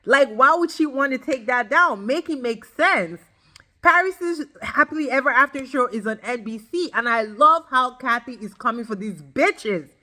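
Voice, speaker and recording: A woman giving a ranting recap of a reality show, emphatic and blunt, swearing freely and talking straight to her viewers. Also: fairly high pitch. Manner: emphatic, animated, addresses viewers directly. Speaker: reality TV reviewer.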